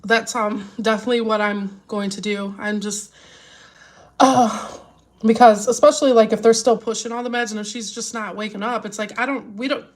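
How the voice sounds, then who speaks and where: Casually chatting live with viewers, a vlogger who is a mother sounds upset, close to tears, and worried, rambling and restarting many times. She speaks at normal speed in a slightly high voice with fairly even intonation.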